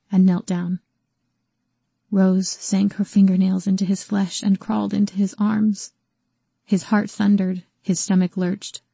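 A woman reading a novel aloud in an even, measured manner. Her voice is low-pitched, warm and a little husky. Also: dry recording. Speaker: audiobook narrator. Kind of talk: scripted novel narration.

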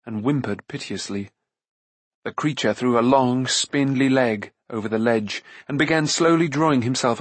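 Husky guy reading a fantasy audiobook, lots of ups and downs, dry close mic. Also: medium pitch, dry recording. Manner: expressive, measured storytelling. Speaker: audiobook narrator. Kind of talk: scripted narration of a fantasy novel.

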